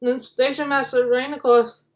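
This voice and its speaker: A woman reading a children's storybook aloud, narrating in an animated, dramatic way. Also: high-pitched, moderate pace. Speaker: storybook reader.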